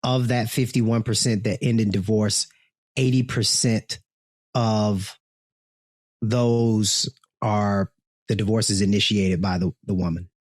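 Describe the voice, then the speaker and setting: A man's voice: fairly low pitch, fairly even intonation, takes it slowly, no room sound, clean studio sound. Blunt, joking male co-host. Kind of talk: casual podcast chat.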